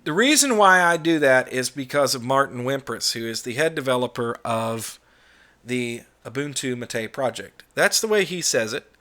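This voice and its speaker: A man's voice: medium pitch, expressive, normal speed, bright, forceful tone. Blunt, opinionated American man ranting. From United States. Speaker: YouTube channel host. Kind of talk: casual monologue vlog.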